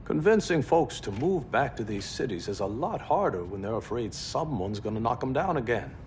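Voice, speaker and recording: A man voicing a calm, persuasive business advisor. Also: medium pitch, a little hiss or hum, natural voice. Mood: earnest. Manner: measured, persuasive advice.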